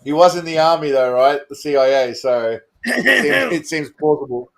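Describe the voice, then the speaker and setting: A man's voice: a little high, lively intonation, normal speed, vocal fry. A man hosting a casual comedy stream, crude and mocking, laughing often and talking to his chat. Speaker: stream host.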